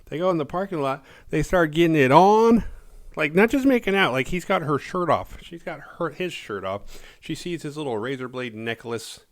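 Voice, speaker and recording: A man's voice: on the high side, expressive, moderate pace. A man in his forties hosting a horror movie review show, recapping a film in a rambling, offhand way and swearing freely.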